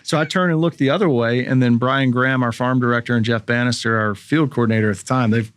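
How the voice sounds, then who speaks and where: A man around forty, a former baseball pitcher, telling a story as a podcast guest and acting out the voices of people in it. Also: quick pace, clear, resonant tone, no room sound. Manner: animated storyteller, acts out quoted voices. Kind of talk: casual storytelling interview.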